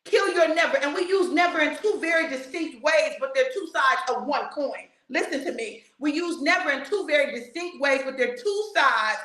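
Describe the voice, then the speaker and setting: A woman preacher, giving a sermon in a fiery, repetitive style, with bursts of shouting and laughter. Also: high voice, animated, moderate pace, few pauses, reverberant, low-quality recording.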